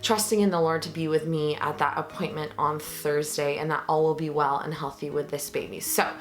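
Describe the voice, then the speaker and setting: A young woman vlogs casually about family, her voice sitting on the low side and full of earnest feeling. She is pregnant and slips in plenty of ums and uhs as she goes. Faint music plays behind her. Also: steady tone, fairly quick. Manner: earnest, emotional, many fillers. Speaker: vlogger. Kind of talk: casual vlog talk to camera.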